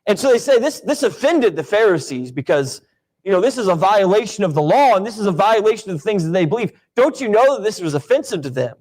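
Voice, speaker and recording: A young man leads a Bible class in an easygoing, conversational tone. His voice sits a little high for a man. He keeps turning to his listeners with questions. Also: very animated, fast, darkish tone. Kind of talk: casual Bible class teaching.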